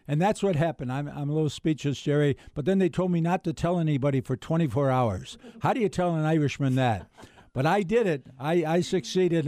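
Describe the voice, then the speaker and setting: A man's voice: a little high, warm tone, no echo. Emotional rambling man on studio radio. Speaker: parade grand marshal, guest. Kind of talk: casual radio interview. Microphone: studio microphone.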